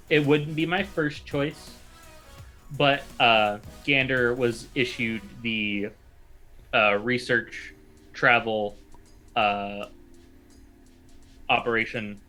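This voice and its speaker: A man's voice: medium pitch, pushed and bright. A man talking as a guest on a podcast about his tabletop game character, easygoing and going along with the jokes.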